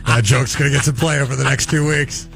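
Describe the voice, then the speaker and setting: A man's voice: mid-range voice, steady tone, fast talker, creaky, a bit bright. A man co-hosting a radio morning show in casual on-air banter, joking and teasing his partner. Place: radio studio.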